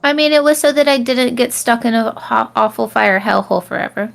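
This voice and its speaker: A woman playing a tabletop game live, asking quick questions and laughing often. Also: on the high side, creaky, soft background music. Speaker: player.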